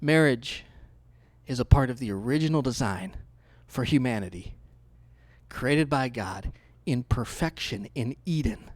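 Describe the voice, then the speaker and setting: A man pastor preaching a sermon in a conversational, storytelling way, swinging between hushed asides and loud outbursts. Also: medium pitch, lively intonation, a little slow, no echo.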